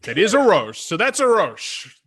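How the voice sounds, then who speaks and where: A man narrating as game master of a tabletop game, playful and quick to laugh as he voices the characters. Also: sits high, huge pitch swings, heavy background noise.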